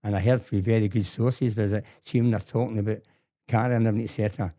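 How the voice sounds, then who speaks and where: An older man, telling stories as a guest in a casual interview, animated and acting out quotes, often repeating words. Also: lowish voice, fast.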